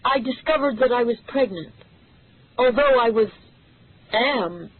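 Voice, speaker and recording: A woman's voice: a little high, expressive, unhurried, pitched above the performer's own voice. A reader voicing a nervous, earnest young woman who speaks hesitantly, heard through tinny audio.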